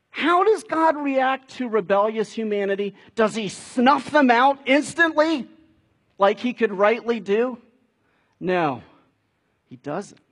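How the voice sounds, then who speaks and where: A man's voice: sits high, slightly rough. A man preaching a sermon in a conversational way, building to emphatic peaks. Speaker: pastor.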